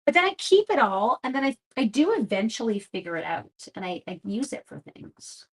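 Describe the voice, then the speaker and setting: A woman's voice: fairly high pitch, sing-song, normal speed, husky, low-quality recording. Chatty woman demonstrating card-making. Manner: chatty, self-deprecating, talks while working. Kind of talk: live-streamed crafting demo.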